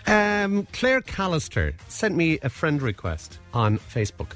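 A man's voice: a little high, huge pitch swings, a little slow, fairly bright tone, faint music behind. A man, co-hosting a show, chatting casually and rambling through a story with frequent chuckles. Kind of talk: casual chat.

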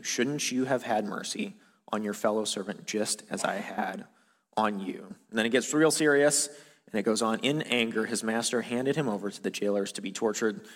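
Casual-sounding male preacher in reverberant hall. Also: on the low side. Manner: casual, conversational preaching with many fillers. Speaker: pastor. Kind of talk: sermon. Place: church hall.

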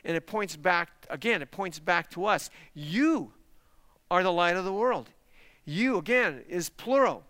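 A man's voice: high voice, very animated, normal speed, sharp tone, clean tone, no room sound. A man, a pastor, preaching a sermon with emphatic rhetorical questions and direct appeals to the congregation. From parents lived in Texas.

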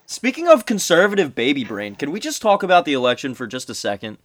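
A man's voice: a little high, wildly swooping pitch, fast talker, fairly bright tone, no room sound. A man hosting a casual podcast, sarcastic, swearing and laughing as he reads an article aloud. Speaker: podcast host.

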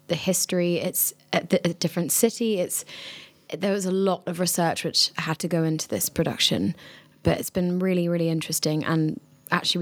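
A young adult woman, a drama student, answering interview questions casually with many fillers and restarts. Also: on the low side.

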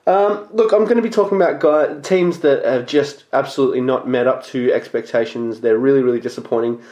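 A man hosting a casual sports podcast, talking bluntly and excitably and swearing casually. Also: medium pitch, a little fast. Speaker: podcast host. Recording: echoey room.

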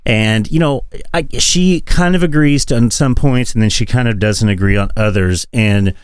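A man co-hosting a podcast in casual political chat, profane and animated, often laughing. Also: mid-range voice, normal speed, clear, resonant tone, dry recording. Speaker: podcast co-host.

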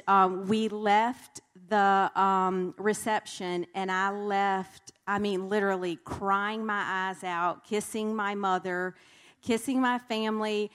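A woman from North Carolina giving a candid, earnest personal testimony at a marriage conference, talking with many fillers. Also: medium pitch.

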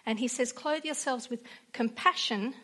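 A woman's voice: a little high, moderate pace, bright, forceful tone. A woman preaching a sermon in an earnest way, weaving in personal stories.

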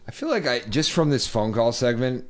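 A man's voice: mid-range voice, very animated, normal speed. A man co-hosting a podcast, chatting casually with dry, sarcastic asides. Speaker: podcast co-host. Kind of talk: casual chat.

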